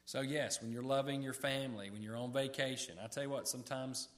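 A man delivering a sermon at an average pitch. He speaks conversationally, restarts his phrases and puts questions to the congregation. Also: steady tone, brisk. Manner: conversational preaching, repeats words, asks the audience questions. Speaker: preacher.

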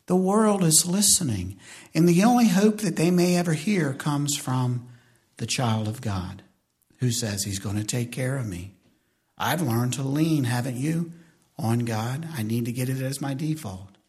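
A middle-aged man preaching a sermon, mimicking whiny complaints, rising to shouts and then dropping to slow, quiet emphasis. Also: medium pitch, expressive. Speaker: pastor.

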